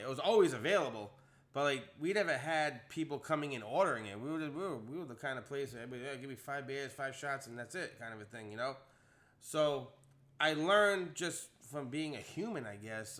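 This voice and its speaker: A young man telling a story on a casual podcast, animated, acting out the quotes in a rising voice. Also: fairly high pitch.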